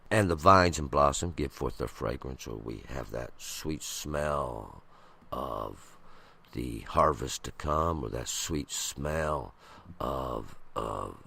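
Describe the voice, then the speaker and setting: Slow gravelly deep-voiced man reading scripture. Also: animated, bright, forceful tone, slight background noise. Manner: slow, halting, with many restarts and pauses. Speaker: Bible commentator.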